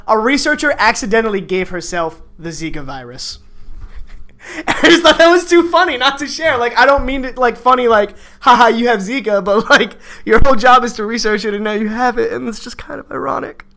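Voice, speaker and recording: A man hosting a podcast in casual, jokey chat, sarcastic and quick to swear. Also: extremely high pitch, lively intonation, creaky, pushed and bright. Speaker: podcast host.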